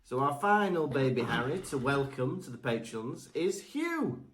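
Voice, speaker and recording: A podcast co-host chats cheerfully, tosses out teasing suggestions, and reads the show's outro. His voice is medium-pitched and animated, and he speaks at a moderate pace over heavy background noise.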